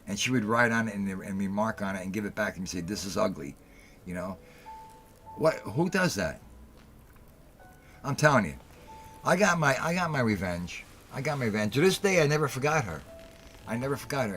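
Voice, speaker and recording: A middle-aged man with a low, deep voice hosts a casual talk show. He tells his stories bluntly and heatedly, swears freely and repeats lines to drive them home. Faint music plays behind him. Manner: heated storytelling, blunt and profane, repeats himself for emphasis. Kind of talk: casual call-in show monologue.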